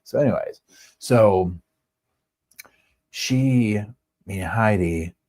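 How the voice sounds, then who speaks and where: A man's voice: on the low side, slow, darkish tone, no room sound. A man in his forties hosting a livestream from home, telling a casual, rambling story full of "like" and "you know.". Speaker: livestream host.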